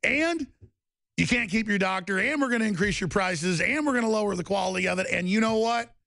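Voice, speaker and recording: A man's voice: high-pitched, fairly quick, creaky, fairly bright tone, no echo, clean studio sound. A man hosting a talk radio show, ranting in a mocking, sarcastic, heated monologue.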